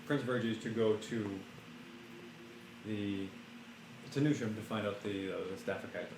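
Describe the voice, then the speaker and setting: Guy game master explaining the map fast, echoey room, some noise hiss. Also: lowish voice, steady tone. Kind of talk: narrating a tabletop game.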